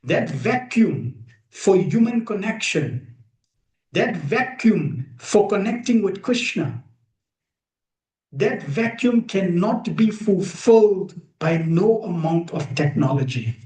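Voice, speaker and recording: A man giving an emphatic devotional talk to a gathered group, pausing often and asking rhetorical questions, streamed live. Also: sits high, expressive, darkish tone. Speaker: spiritual teacher. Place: room with a gathered audience. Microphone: streamed live over video call. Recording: echoey room.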